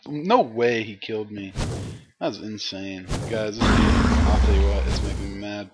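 A man's voice: on the low side, steady tone, normal speed, over loud music. A man commenting casually on a game he is playing, talking to his viewers and letting out frustrated outbursts. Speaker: gaming commentator. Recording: loud background noise.

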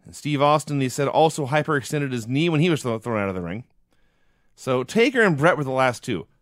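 A man's voice: mid-range voice, expressive, fairly quick, no echo. A man hosting a podcast, recapping old shows in a dry, wry casual manner. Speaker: podcast host.

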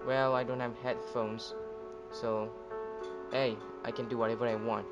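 A male gaming video host giving casual let's-play commentary, jumpy and excitable, yelping when scared. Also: mid-range voice, a little slow. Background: game music.

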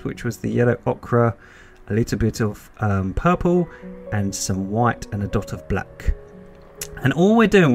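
A British man giving a step-by-step painting tutorial, chatty and encouraging, with reassurances he repeats often. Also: medium pitch.

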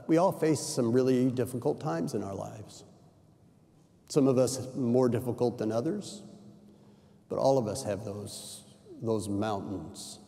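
With a warm, medium-pitched voice, an older pastor tells stories conversationally during his sermon, sprinkling in chatty asides where he corrects himself. The recording carries the reverberation of a large church sanctuary.

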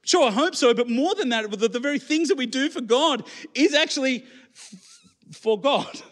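A man's voice: very high-pitched, lively intonation, normal speed, a bit bright. A man preaching a sermon in church, conversational and full of rhetorical questions to the congregation. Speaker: pastor.

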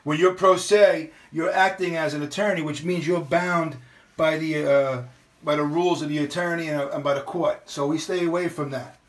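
A man's voice: on the high side, steady tone, normal speed. A middle-aged man, talking in a casual, ranting monologue. He is blunt and profane and keeps restarting his sentences. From New York. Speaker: vlogger.

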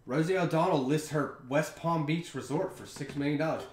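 A man's voice: fairly high pitch, normal speed, a little mellow. A young man hosting a podcast, chatting in a rambling, offhand way over a beer. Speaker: podcast host. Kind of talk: casual chat. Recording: roomy echo.

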